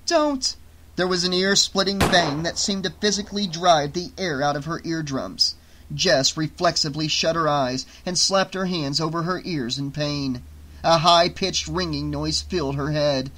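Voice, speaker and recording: A man narrating an audiobook in a steady, dramatic storytelling manner. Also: a little high, poor audio.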